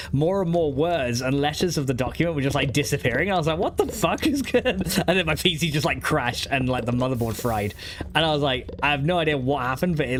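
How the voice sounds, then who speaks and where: A man's voice: medium pitch, a bit bright, a little hiss or hum. A man streaming a modded block-building game, chatting casually while he plays, rambling with lots of "like" and frequent laughs. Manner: rambling, fillers of "like", laughing often.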